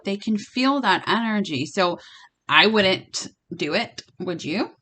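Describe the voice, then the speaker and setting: Doing a laid-back tarot reading for her audience, this young woman talks at a moderate pace with lively intonation and a sharp tone in a mid-range voice. She addresses the listener directly, emphatic and blunt, with plenty of swearing.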